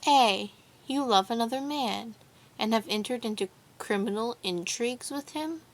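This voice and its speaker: A woman reading the part of a proud young noblewoman who speaks with sharp, mocking irony. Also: a little high, normal speed, lightly acted.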